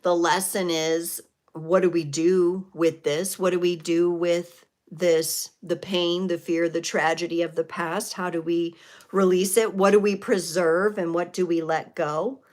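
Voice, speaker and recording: A woman's voice: lowish voice, fairly even intonation, a little slow, darkish tone. A woman in her forties or fifties hosting a live tarot reading, speaking in a reflective, spiritual way with frequent fillers and restarts. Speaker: tarot reader and livestream host.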